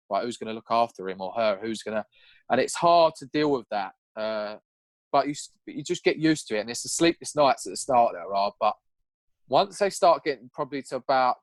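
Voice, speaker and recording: A young man telling his story in a casual podcast chat, animated and swearing now and then, acting out what he said back then. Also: mid-range voice, no echo. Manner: animated, acts out his own past lines in a raised voice. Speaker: podcast guest.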